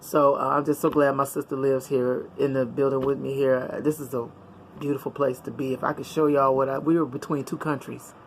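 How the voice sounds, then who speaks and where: A woman's voice: very deep voice, level tone, brisk, a little hiss or hum. A middle-aged woman vlogger chatting casually and upbeat to her viewers, with a preachy tone and frequent laughter.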